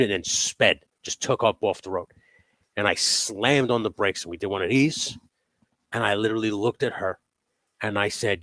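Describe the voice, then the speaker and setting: A low-pitched man chats casually as a host, spinning animated, profanity-laced stories. His voice sits close to the mic with a dry, dead sound. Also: no room sound. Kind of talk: casual chat. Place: home workshop.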